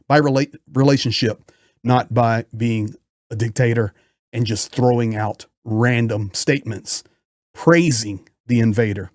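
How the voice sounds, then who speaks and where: A man's voice: medium pitch, normal speed, dry recording, studio quality. A man giving impassioned political commentary in a frustrated, emphatic way.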